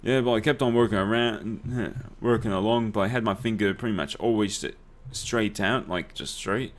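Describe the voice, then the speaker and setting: The voice is a young man's, lowish and at ordinary speed. While playing a game as a let's play host, he tells expletive-heavy stories and laughs throughout, a casual running commentary.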